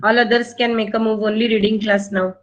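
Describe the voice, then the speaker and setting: Indian English woman teacher, slightly high voice, patient and repetitive, coaching pupils through reading. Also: level tone, a little fast, muffled recording. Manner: patient, repeats instructions, prompts and corrects pupils. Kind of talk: online reading class.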